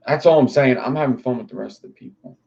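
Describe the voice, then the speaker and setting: A man's voice: medium pitch, fast, creaky, dark tone, slightly rough, muffled recording. A young man hosting a livestream. He rambles in casual chat, swears freely and talks to his viewers. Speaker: livestream host.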